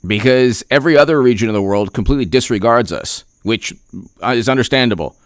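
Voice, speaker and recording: A man giving a heated, sarcastic political commentary rant, repeating himself and clearing his throat often. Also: medium pitch, fast, no room sound, studio quality. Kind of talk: opinion rant vlog.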